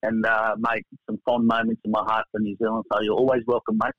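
Brief: man, podcast guest, jokey and animated, dry dull remote-call sound. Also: fairly low pitch, brisk, no room sound. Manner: animated, jokey, uses "mate" often. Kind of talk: casual podcast chat.

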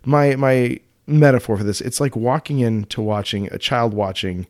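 In casual chat, a podcast co-host talks with a medium-pitched male voice. He's animated, laughs easily, and keeps restarting his sentences.

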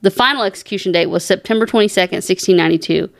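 A woman's voice: mid-range voice, racing, vocal fry. Laid-back Kentucky woman podcaster. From Eastern Kentucky. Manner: laid-back, reads facts with small stumbles. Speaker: podcast co-host. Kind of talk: casual chat, reading from notes.

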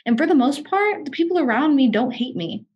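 A woman's voice: sits high, animated, brisk, darkish tone, muffled recording. A woman in her twenties in casual podcast chat, telling personal stories candidly and often restarting her sentences. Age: 20s.

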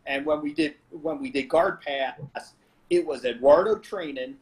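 A man, a jiu-jitsu black belt guest on a podcast, casually telling animated stories from his early training. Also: fairly high pitch, measured pace, low-quality recording. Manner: animated, laughing reminiscence. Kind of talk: casual storytelling.

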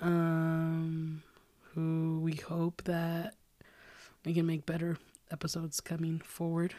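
A woman co-hosting a podcast with her sister, chatting casually with a lowish voice. She is blunt and teasing and swears freely. She sounds a bit tipsy. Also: completely flat delivery, slow pace, mellow. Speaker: podcast co-host. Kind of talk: casual chat.

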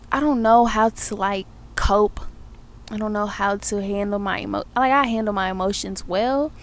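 Young woman, casual monologue, profane, animated, mid pitch. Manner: profane, animated retelling of her day. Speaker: podcast host.

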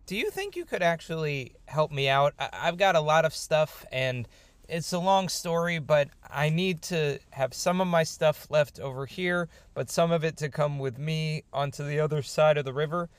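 A man's voice: a little high, moderate pace, smooth, no echo, lightly acted. A man voicing a stubborn grown biblical patriarch who talks in a chatty, modern, emphatic way. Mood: friendly.

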